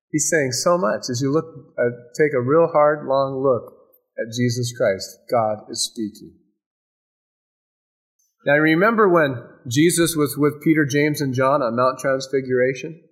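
A man preaching a sermon, emphatic, with repeated phrases and dramatic pauses. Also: mid-range voice. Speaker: pastor.

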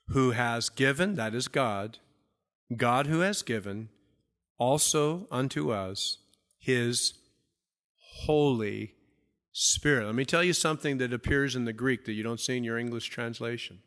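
Bright emphatic preaching man. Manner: emphatic preaching, drops low and soft for stress; repeats key phrases, asks the congregation questions. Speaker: pastor. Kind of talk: sermon.

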